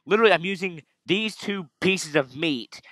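A man's voice: high voice, moderate pace, fairly bright tone, no echo, clean studio sound. A man hosting a let's play, swearing and ranting crudely while he plays. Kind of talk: casual game commentary.

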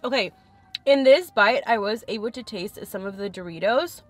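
A woman's voice: mid-range voice, normal speed, soft background music. A young woman chatting frankly and thinking aloud as she tastes food in a casual eating vlog. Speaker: food vlogger.

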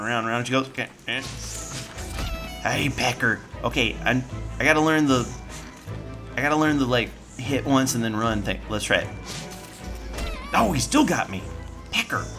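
A man giving jokey, chatty commentary on the game he is playing, breaking into sudden high-pitched panicked yelps. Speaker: gameplay host. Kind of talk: let's play commentary.

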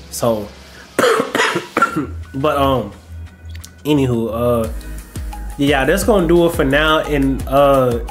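Sick, coughing man chatting to viewers. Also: a little high. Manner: rambling, addresses viewers as y'all. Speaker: YouTube reaction host. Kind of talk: casual chat to viewers.

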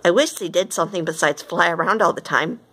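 A woman doing a hopeful comedian bear from a storybook, rushing through his gag and eager for a laugh. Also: lowish voice, pushed and bright, husky. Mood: jokey. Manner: quick, eager joke-telling. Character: jokey male bear comedian.

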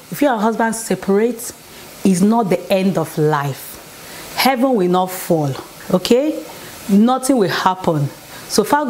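A woman chats to camera from her home, pitched in an ordinary middle range. She talks in loose, repetitive bursts, driving each point home and checking in with her viewers. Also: darkish tone, slight background noise. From Nigeria. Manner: chatty, repetitive, emphatic, asks "okay?". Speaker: vlogger. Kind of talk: casual relationship advice talk. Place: home, indoors.

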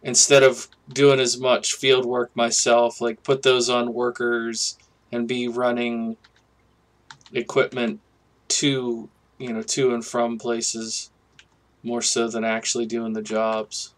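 A relaxed young man talks through his gameplay at a slow, unhurried pace, musing out loud. He has an ordinary mid-range voice, recorded at a desk microphone, with keyboard typing behind him. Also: medium pitch. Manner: relaxed, musing, thinks aloud with fillers. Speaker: gaming channel host. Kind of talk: casual gameplay commentary.

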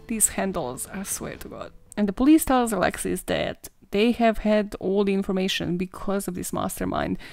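A woman's voice: medium pitch, moderate pace, vocal fry, hardly any pauses, a little mellow, dry recording. A young woman hosting a true crime podcast, sarcastic and swearing freely, laughing at her own jokes. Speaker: podcast host.

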